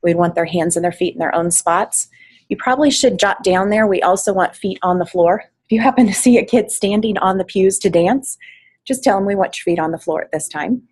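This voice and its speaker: A woman's voice: medium pitch, a little fast, a little mellow, breathy edge, rough recording. A woman coordinating volunteers, giving a practical training talk with frequent fillers, speaking to a room and an online meeting. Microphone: online meeting mic, at varying distance.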